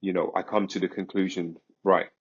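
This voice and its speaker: Deep husky man telling a story. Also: unhurried, lo-fi sound. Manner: vivid, animated storytelling with quoted asides. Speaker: podcast guest. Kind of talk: casual storytelling.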